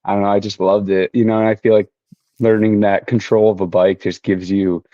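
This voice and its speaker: A man who races motorcycles, talking in a relaxed way as a podcast guest. His voice is low and mellow. The audio sounds dull and muffled. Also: a little fast, no echo. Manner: relaxed, many fillers like "you know". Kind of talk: casual conversation.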